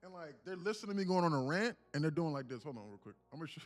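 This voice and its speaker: A man's voice: a little high, racing, soft background music. Joking, profane streamer man. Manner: profane, joking, laughs often, lively delivery. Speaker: livestream day trading host. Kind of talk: casual livestream chat.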